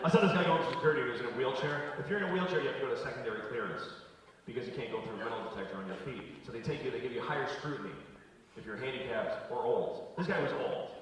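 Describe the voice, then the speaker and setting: A man in his forties doing a live stand-up routine, ranting with heavy profanity and bursting into shouts. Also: mid-range voice, very fast. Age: 40s. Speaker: stand-up comedian. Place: theater stage before a laughing audience. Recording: roomy live hall from a distance, crowd laughter.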